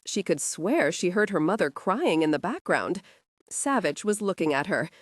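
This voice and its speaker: A woman's voice: on the low side, big pitch swings, moderate pace, dry recording, clean studio sound. Woman narrating a suspense audiobook. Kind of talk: scripted narration.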